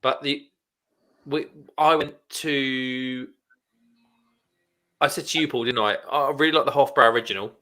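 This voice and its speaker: A man co-hosting a beer livestream, telling an animated story and laughing as he goes. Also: medium pitch, a little slow, long pauses. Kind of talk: casual drinking chat.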